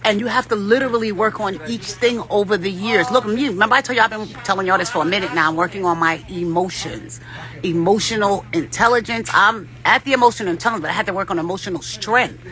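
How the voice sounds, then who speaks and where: A woman's voice: medium pitch, quick pace, a bit bright. A woman vlogger giving rambling, profane spiritual advice in a casual talk, often laughing.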